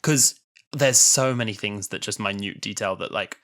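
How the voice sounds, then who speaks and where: A man in his twenties co-hosting a casual podcast, animated and chatty, laughing often. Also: on the low side, moderate pace. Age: 20s. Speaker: podcast co-host.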